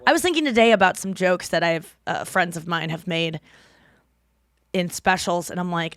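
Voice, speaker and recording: A woman's voice: fairly low pitch, normal speed, no room sound. Chatty woman podcast host, dry sound. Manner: rambling, self-deprecating, swears freely. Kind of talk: casual chat.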